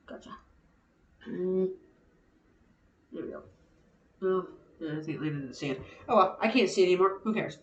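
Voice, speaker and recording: A woman chatting playfully to herself while building a craft project, often dropping to soft murmurs. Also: fairly low pitch, expressive, moderate pace, pauses often. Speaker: craft vlogger. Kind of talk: casual narration while crafting. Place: indoors at a craft table. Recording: roomy echo.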